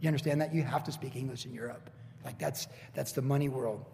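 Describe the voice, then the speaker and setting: A middle-aged man preaching a conversational sermon to an evening congregation, full of joking asides and bursts of excited emphasis. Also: mid-range voice, fast talker, creaky. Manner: chatty, jokey asides, swings into excited emphasis. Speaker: pastor. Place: church hall with evening congregation. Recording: long hall reverb.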